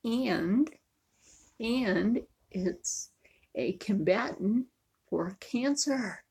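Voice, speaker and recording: A woman's voice: on the high side, animated, extremely slow, creaky, a little mellow, breathy edge. A woman chatting casually in a cooking vlog, joking and often dropping to a near whisper. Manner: chatty, jokey, sometimes drops to a near whisper. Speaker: vlogger.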